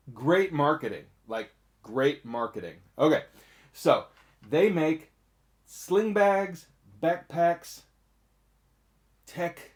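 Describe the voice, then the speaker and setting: A man hosting a one-take bag review, talking in an energetic, jokey and chatty way. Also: mid-range voice. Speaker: host of a bag review channel.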